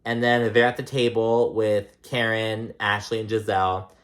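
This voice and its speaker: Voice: medium pitch, little pitch movement, normal speed. A reality TV recap vlogger in casual commentary, rambling and swearing often, full of "like" and "um.".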